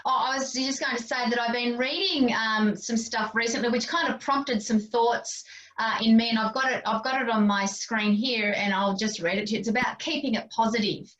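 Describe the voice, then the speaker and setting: A woman hosting an online parents' discussion, chatty and animated when she tells stories. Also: on the high side, normal speed. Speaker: parenting group host. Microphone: video call. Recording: dull lo-fi sound, distant from mic.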